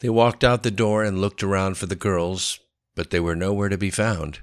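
Deep-voiced male story narrator. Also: fairly even intonation, normal speed.

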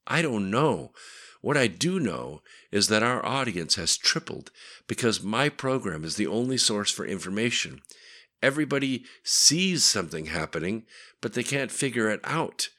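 A man's voice: fairly low pitch, big pitch swings, moderate pace, pushed and bright, voice pushed up, exaggerated voice. A man reading voicing an injured woman, raising his voice for her and speaking groggily. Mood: urgent.

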